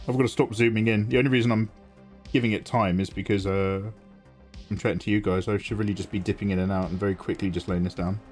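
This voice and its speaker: A man's voice: lowish voice, steady tone, fast talker. A man chatting casually with viewers on a live art stream while drawing, playfully snarky and greeting people by name. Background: faint synth music.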